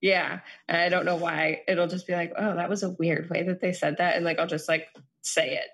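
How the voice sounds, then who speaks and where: A woman's voice: lowish voice, little pitch movement, fairly quick, fairly bright tone. A woman chatting casually, rambling along with many "like" fillers. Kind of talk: casual chat.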